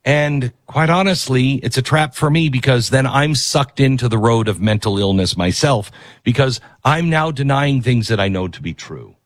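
Male host, opinion commentary, emphatic, lively pitch, dry sound. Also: moderate pace, dry recording. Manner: emphatic, moralizing, lively delivery.

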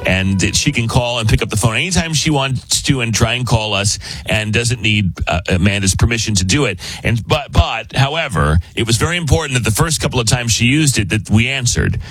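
Lively husky-voiced man telling a story. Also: mid-range voice, fairly quick, hardly any pauses, no room sound. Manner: animated, laughs often, acts out quoted voices. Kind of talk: casual storytelling chat.

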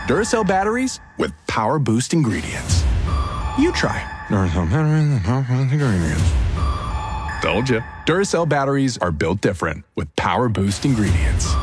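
A man reads a scripted ad in a playful, conversational way, his pitch bouncing. Music plays clearly under him. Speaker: ad announcer. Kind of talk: scripted ad read.

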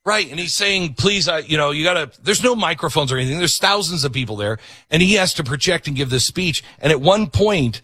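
A male host telling a story in animated casual interview chat. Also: a little high, fairly quick, breathy edge, no echo.

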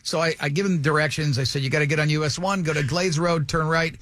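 Animated male radio host telling a story. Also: on the high side, quick pace, no room sound. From Italian heritage. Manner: animated storyteller acting out dialogue. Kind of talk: casual storytelling on morning radio.

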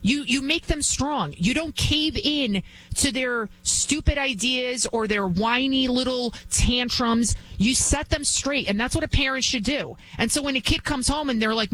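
A woman's voice: sits high, normal speed, a bit bright. A middle-aged woman hosting a talk radio show, delivering a blunt, emphatic opinion monologue with frequent restarts. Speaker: fill-in radio talk host.

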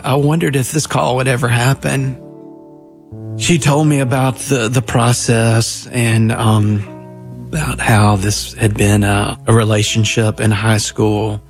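A man's voice: medium pitch, gravelly. A minister in his fifties tells his adoption story in an earnest, heartfelt way, often restarting his sentences. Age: 50s. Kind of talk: personal storytelling.

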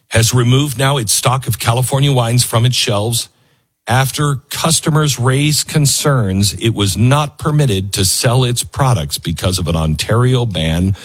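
A man delivers casual political commentary with a sarcastic, mocking edge. His voice is a little husky. His pitch swings widely from low grumbles to high, incredulous jabs. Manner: sarcastic, mocking, breaks into put-on voices and laughs. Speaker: show host.

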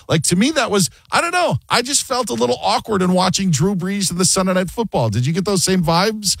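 Animated male sports radio host. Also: sits high, fairly quick, gravelly, few pauses, slightly rough, dry recording. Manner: animated, jokey, acts out quotes. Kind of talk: casual sports talk.

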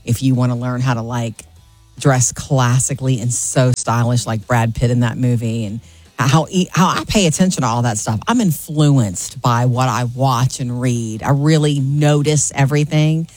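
A woman's voice: extremely low pitch, moderate pace, darkish tone, dry recording, soft background music. A middle-aged woman co-hosting a radio morning show, chatting casually and enthusiastically and laughing easily. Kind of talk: casual chat.

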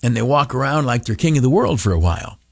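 A fast-talking male radio host with a creaky, husky voice gives an animated motivational talk, often halting on filler uhs and mimicking people in high, mocking voices. The sound is clean studio audio with no room tone.

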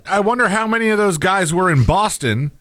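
A man's voice: high voice, lively intonation, fairly quick, a bit bright, dry recording, clean studio sound. A man co-hosting a casual talk show who chips in with wry, joking asides. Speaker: co-host. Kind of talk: casual banter.

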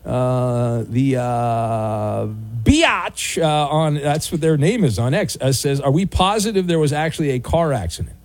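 A man hosting a sports talk radio show from a studio, wry and bantering, with bursts of loud mock outrage. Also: mid-range voice, a little slow, hardly any pauses, no echo. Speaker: radio host. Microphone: studio microphone.

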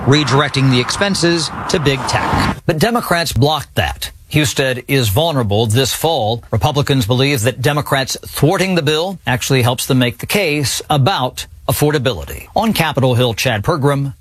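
A man delivering a scripted news report as a correspondent, in a measured, crisp way. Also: mid-range voice, lively intonation, a bit bright, dry recording.

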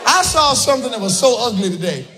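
Exasperated male comic with a high voice. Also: very animated, fast talker. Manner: exasperated, shouting punchlines, laughing through lines. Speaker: stand-up comedian. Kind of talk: stand-up comedy set. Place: comedy club stage. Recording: live club audio with crowd noise. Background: audience laughter.

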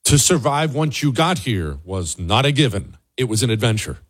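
A man's voice: medium pitch, sing-song, normal speed, slightly rough. A man hosting a show, giving casual commentary in an earnest, emphatic way, often repeating words for stress. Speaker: show host.

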